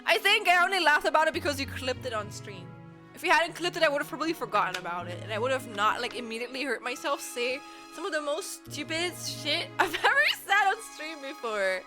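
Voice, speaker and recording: A woman's voice: high voice, lively intonation, brisk, over music. A young woman from Germany, chatting casually with viewers on a live stream, giggling often and rambling playfully.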